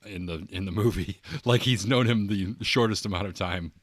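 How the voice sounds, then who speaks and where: A man with a low voice chats as a podcast co-host, dropping dry joking asides. The sound is dry and close. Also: moderate pace, dry recording. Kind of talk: casual chat.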